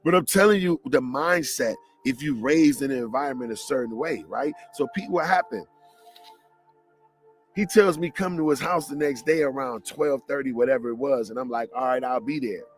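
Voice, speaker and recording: A man from Detroit giving a lively motivational talk, telling stories in slangy, animated speech and laughing along. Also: medium pitch, moderate pace, faint music behind. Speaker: motivational speaker.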